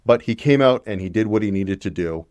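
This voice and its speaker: A young man with a deep, low voice talks through politics in a casual, opinionated way, now and then blunt enough to swear. His voice is recorded close and dry, with no room sound around it. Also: expressive, a little fast, a little mellow, dry recording. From Canada. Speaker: political commentary host.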